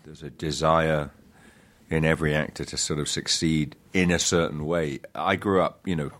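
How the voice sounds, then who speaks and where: Brief: very low, deep male actor, stop-start interview talk, self-deprecating. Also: steady tone, a bit bright. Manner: halting, many restarts and fillers, self-deprecating. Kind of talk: casual interview chat.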